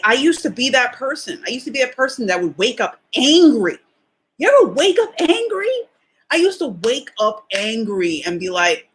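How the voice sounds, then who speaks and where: A woman's voice: fairly high pitch, fairly bright tone. A young adult woman hosting a solo motivational podcast, talking in a chatty, emphatic way full of rhetorical questions. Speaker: podcast host.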